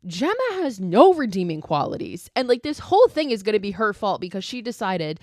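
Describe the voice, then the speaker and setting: A woman's voice: mid-range voice, big pitch swings, a little fast, hardly any pauses, darkish tone, no echo, clean studio sound. A woman hosting a podcast, retelling a horror movie in a casual, profane, ranting way, full of fillers. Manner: filler-heavy storytelling. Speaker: podcast host.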